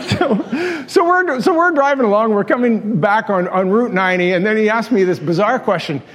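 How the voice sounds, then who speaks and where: A man's voice: sits high, normal speed, a bit bright. A man, preaching a sermon in a folksy, self-deprecating storytelling way, chuckling at his own stories. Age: 60s. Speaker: pastor. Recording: long reverb of a large church hall.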